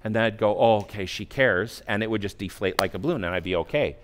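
A man's voice: on the low side, fast. Man in his forties preaching a story. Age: 40s. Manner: storytelling, acting out his own inner voice, swings from quiet to loud. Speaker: pastor. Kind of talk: sermon. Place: church.

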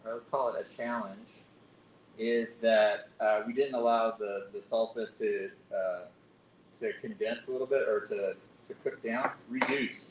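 A man hosting a casual live cooking demo, thinking aloud and correcting himself as he reads the recipe. His voice bounces around an echoey room, with a faint rumble underneath. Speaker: cooking show host. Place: library kitchen room.

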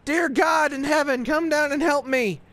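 A man acting out a frantic, unhinged man who wails loud prayers for rescue. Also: normal speed. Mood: wailing. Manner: wailing, shrill, desperate.

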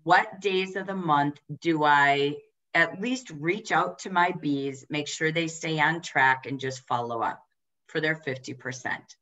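A woman trainer giving a direct, emphatic coaching talk to team leaders, firing off quick rhetorical questions. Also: sits low, fairly bright tone, poor audio.

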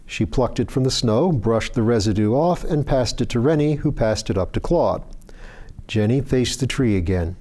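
A man hosting a book reading, narrating fiction in a steady, even storytelling voice. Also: medium pitch, moderate pace. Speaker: reader.

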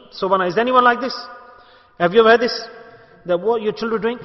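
In a mosque gathering hall in Bolton, a sheikh preaches emphatically to the crowd, posing rhetorical questions and calling for responses. His voice sits high and moves fairly quickly, captured in an echoey hall with dull, lo-fi sound.

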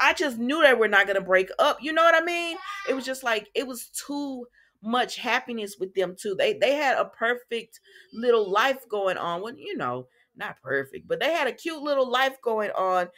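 A woman recaps soap episodes in a loose, chatty way, acting out the lines and breaking off to talk to her viewers. Her voice sits in a middle pitch, and she keeps the talk casual. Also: normal speed. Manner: chatty, animated retelling with asides to viewers. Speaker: soap opera recap host. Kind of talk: casual chat.

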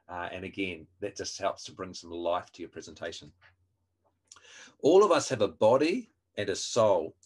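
A man training people in a live online webinar, explaining step by step and quizzing his listeners. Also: on the low side. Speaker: evangelism trainer.

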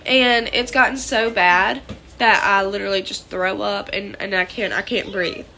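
A young woman vlogger, sick and congested, talks casually to camera from inside her small trailer. Her medium-pitched voice is steady, creaky, and sharp at a moderate pace, and she rambles in a scattered way with many fillers.

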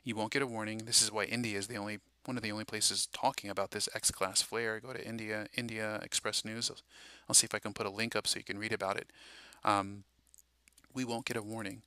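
A man talks through a loose, preachy monologue, eager and rambling, full of fillers. His voice is very bright and keen-edged. The sound is dry and close, as in a small room. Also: lowish voice, little pitch movement, brisk, smooth, no room sound. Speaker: Christian prophecy video host. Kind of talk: casual monologue.

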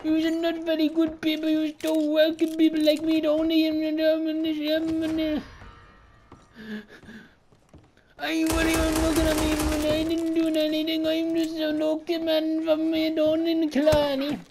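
A man's voice: very high voice, completely flat delivery, normal speed, hardly any pauses, noisy background, pitched above the performer's own voice. A man voicing a rowdy, drunken Irish brawler with a put-on Irish accent, slurring and rambling over game music. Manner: slurred, belligerent, rambling about drink. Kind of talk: gameplay commentary in a put-on voice.

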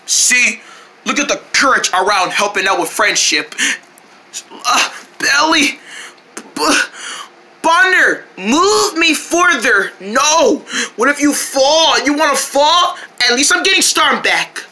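Woman with a very bright, bouncy voice. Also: high-pitched, lively intonation. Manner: switches fast between silly character voices, shouting and squealing. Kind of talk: playful toy role-play with many voices.

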